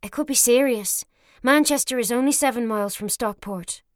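A woman voicing a quiet, sensible young nurse who speaks earnestly and cautiously. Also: on the high side, moderate pace, no echo, studio quality, natural voice. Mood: worried.

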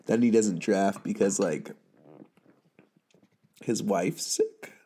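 A man's voice: lowish voice, slow, dark tone, slightly rough. A man in his thirties, sick with covid, delivering a profane, sarcastic, rambling recap monologue for a fantasy league podcast. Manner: sarcastic, swearing, ranting, laughing at own jokes.

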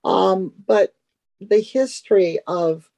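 A woman guest reflecting in a measured way on conservation pioneers during an interview. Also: mid-range voice, gravelly, warm tone, low-quality recording.

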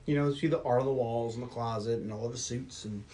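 A man hosting a podcast, casually retelling a film's plot in a brisk storytelling manner. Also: mid-range voice, steady tone, mellow, recorded from a distance, slight background noise. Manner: brisk storytelling, mimics characters. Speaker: podcast host. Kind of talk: casual film recap.

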